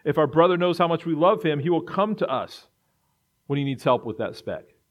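A man's voice: fairly high pitch, lively intonation, normal speed. A man preaching a sermon in an earnest way, building to emphatic repetition. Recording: dull lo-fi recording.

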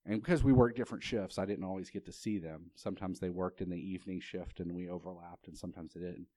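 A man's voice: low-pitched, fairly even intonation, quick pace, dark tone, dry recording. A man preaching a sermon. He tells a personal story in a conversational way, often restarting his sentences, and asks the congregation rhetorical questions.

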